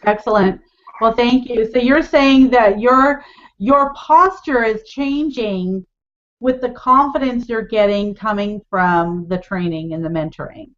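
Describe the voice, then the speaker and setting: A woman's voice: on the high side, a little slow. A woman hosting a team video call, thanking speakers and encouraging others to join in. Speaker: team leader and hangout host. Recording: dull lo-fi video call audio.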